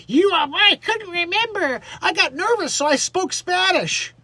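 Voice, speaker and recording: A man doing a high, flustered woman. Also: animated, normal speed, bright, forceful tone, dry recording, heavily acted. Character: flustered woman who forgets an English word.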